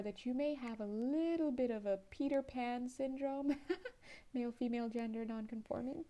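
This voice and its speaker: A woman's voice: fairly high pitch, dark tone. A woman giving a pick-a-card tarot reading, chatty and playful, laughing often and sounding a little tired. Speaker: tarot reader.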